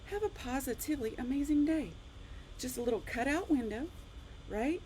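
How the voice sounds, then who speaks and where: A chatty woman hosts a live online craft class, her voice swinging widely in pitch as she shows off her cards. She talks in an animated, exclamatory way. A faint hum of room ambience sits behind her. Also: moderate pace, poor audio. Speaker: card-making instructor.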